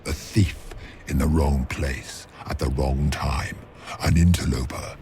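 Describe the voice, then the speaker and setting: A man's voice: a bass voice, fairly even intonation, slow pace, warm tone, a little hiss or hum. An actor playing an ancient, menacing male villain who claims godhood, speaking in a grandiose, contemptuous way in a game. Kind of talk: game voice acting.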